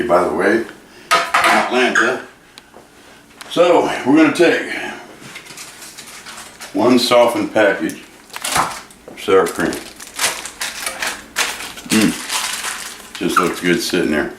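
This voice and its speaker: Low-voiced guy doing a kitchen cooking show, folksy and jokey, echoey room with pots clanking. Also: a bit bright, a little hiss or hum. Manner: joking, rambling, folksy. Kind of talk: casual home cooking demo. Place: home kitchen. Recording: echoey kitchen, clear clatter of dishes.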